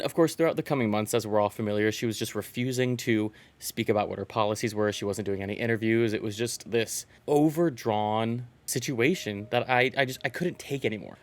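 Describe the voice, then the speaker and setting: A man in his twenties from Virginia, rambling through a casual opinion vlog, swearing and laughing often. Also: mid-range voice. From Virginia, USA. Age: 20s. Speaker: vlogger.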